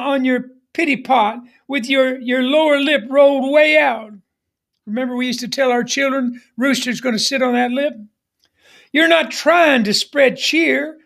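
A man's voice: very high-pitched, measured pace, creaky, fairly bright tone. A middle-aged man preaching a sermon as pastor, emphatic, with repeated refrains and calls for the congregation to respond.

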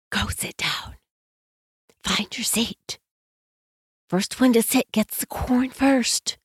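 A woman hosting a podcast, speaking in a gentle, soothing way and slowly guiding the listener through calm advice. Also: medium pitch, dry recording, clean studio sound. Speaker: podcast host.

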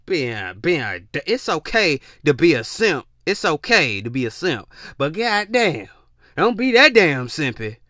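A man's voice: a little slow, no echo, clean studio sound. A man giving relationship advice in a blunt, profane, preachy rant. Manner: blunt, profane, preachy, lively swings in pitch. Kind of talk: ranting monologue.

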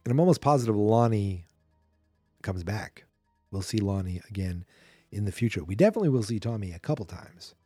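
Male podcast host, dry close mic, mellow tone, loose self-correcting movie recap. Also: lowish voice, lively intonation, a little fast, husky, no room sound, faint music behind. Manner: rambling, chatty, self-correcting. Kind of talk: casual movie recap commentary.

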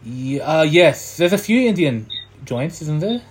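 A man's voice: fairly high pitch, sing-song, unhurried, husky. A man hosting a casual chat in a laid-back, encouraging way.

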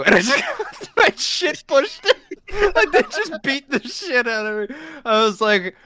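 A man's voice: very high voice, very animated, normal speed, pushed and bright, a little hiss or hum. A man co-hosting a podcast, telling crude stories in casual chat, acting out quotes and laughing often. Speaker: podcast co-host. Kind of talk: casual chat, swearing storytelling.

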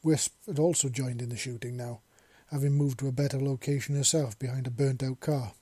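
Guy reading a story out loud, mellow dark voice, dry close sound. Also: medium pitch, brisk, slightly rough, no echo. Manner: steady storytelling. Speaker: narrator. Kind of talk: audiobook narration of fan fiction.

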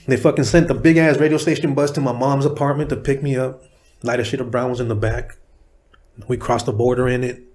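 A middle-aged man from San Diego, a rapper guest telling a story in a profane, animated way, acting out the people he quotes. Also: medium pitch. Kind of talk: casual storytelling interview.

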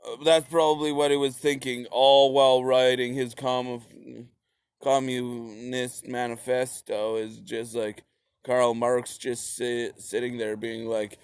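A man's voice: mid-range voice, little pitch movement, slow pace, clean tone, dry recording, clean studio sound. A young man giving a rambling, profane comedic history rant, full of slips and restarts.

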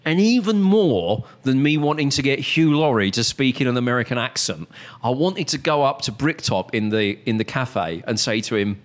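A man's voice: medium pitch, fairly bright tone. A British man co-hosting a casual chat, telling long rambling stories with many restarts. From Britain. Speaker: podcast co-host.

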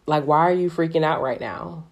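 A blunt, exasperated God, as a woman puts him on in a casual retelling, tossing off quick, slangy replies. The voice sits low and the pace is brisk. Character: exasperated male God, blunt and matter-of-fact.

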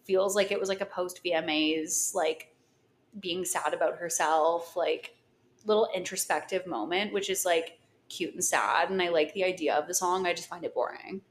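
A woman's voice: on the low side, normal speed, a little hiss or hum. A young woman co-hosting a podcast, chatting in an easygoing way and saying "like" a lot. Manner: easygoing, heavy use of "like". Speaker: podcast co-host. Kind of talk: casual chat.

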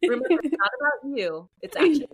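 A woman author, a podcast guest, telling a story in a chatty, animated way with lots of fillers. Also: high voice, quick pace, slight background noise. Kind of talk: casual podcast interview storytelling.

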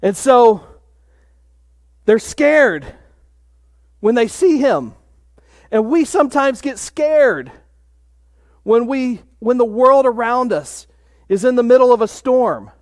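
High-voiced slow preaching man. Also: animated, no echo, studio quality. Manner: measured preaching, drops to a hush for emphasis. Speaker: pastor. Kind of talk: sermon.

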